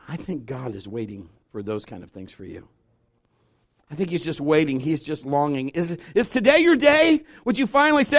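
A male pastor in his fifties preaching to his church, swinging from loud exhortation to quiet, intimate asides with humor. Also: on the high side, big pitch swings, moderate pace, no room sound, clean studio sound. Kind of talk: sermon. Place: church sanctuary.

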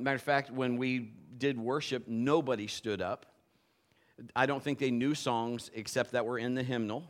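A male pastor preaching a sermon at a church service, telling a personal story in an animated way and acting out the voices of the people in it. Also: medium pitch.

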